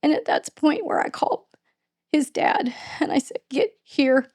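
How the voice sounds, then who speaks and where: A middle-aged woman, a podcast host being interviewed, recounting a painful family loss in a halting, emotional way. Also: sits high, lively intonation, a little mellow. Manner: halting, restarts and voice breaking with emotion. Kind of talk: emotional personal storytelling in an interview.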